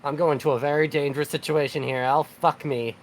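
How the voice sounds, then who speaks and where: A woman's voice: deep voice, fairly even intonation, a little fast, rough recording. A woman playing a tabletop game, blunt and casually swearing. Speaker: player.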